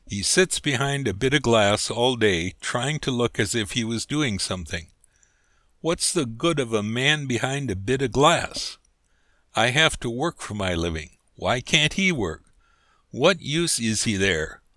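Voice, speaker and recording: A man's voice: medium pitch, lively intonation, a little slow, bright, forceful tone, no echo, studio quality. A man voicing an indignant young man who rants and complains on a river trip in a storybook reading. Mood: grumbling. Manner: ranting, complaining.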